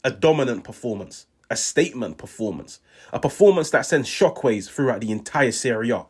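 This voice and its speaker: A man hosting a football match reaction video, telling it in a dramatic, animated way while he is sick. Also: on the low side, normal speed, slightly rough. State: sick, unwell. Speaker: football channel host.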